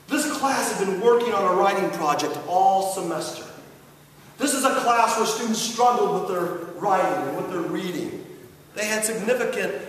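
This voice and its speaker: A middle-aged man speaking as a chapel speaker to students, an animated storyteller who swings between hushed asides and shouted punchlines. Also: high-pitched, slight background noise. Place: school chapel. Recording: roomy hall from far off.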